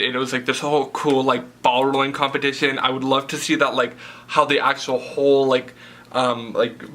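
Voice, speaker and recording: Bright-voiced young man rambling casually. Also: medium pitch. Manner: rambling, heavy use of "like" and fillers. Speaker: reality TV vlogger. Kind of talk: casual solo rant.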